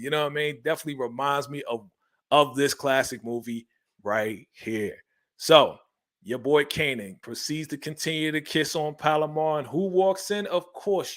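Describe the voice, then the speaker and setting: A man giving a casual, animated TV episode recap, laughing often and acting out the characters' lines. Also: medium pitch. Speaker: recap host.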